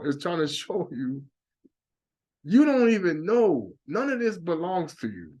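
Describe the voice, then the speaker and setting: A man's voice: on the high side, a little mellow. A man giving an impassioned religious monologue, emphatic and preachy, repeating his warnings again and again. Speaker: religious speaker.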